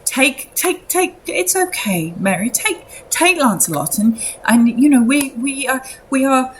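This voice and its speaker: A woman voicing a weary, kindly young man who leads a village, talking in halting, soothing bits. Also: high-pitched, lively intonation, a little hiss or hum, voice pushed up, poor audio. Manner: halting, soothing, full of restarts.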